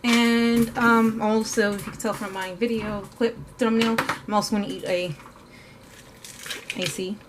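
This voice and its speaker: A woman's voice: a little high, fairly even intonation, unhurried. Woman, art vlogger, casual rambling chat, self-correcting, faint background noise. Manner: chatty, scattered, many fillers and self-corrections; talks while eating at times.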